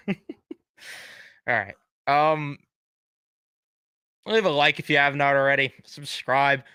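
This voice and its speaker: A young man with a bright, crisp, fairly high voice rants casually on a live stream. He swears bluntly and piles on sarcastic apologies. The sound is dry and close. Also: takes it slowly, pauses often, dry recording.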